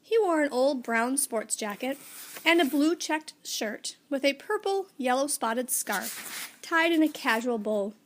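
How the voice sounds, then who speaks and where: A woman narrating a children's story aloud in a measured, gently expressive way. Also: sits high, slight background noise.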